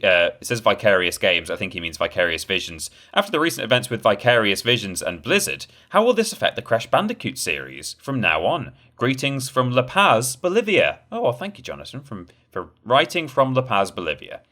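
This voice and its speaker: A man with a Yorkshire accent co-hosting a gaming podcast, joking in a dry, sarcastic, deadpan way and reading out listener questions. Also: lowish voice, a little fast, hardly any pauses. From Yorkshire, England. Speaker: podcast co-host. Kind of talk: casual chat.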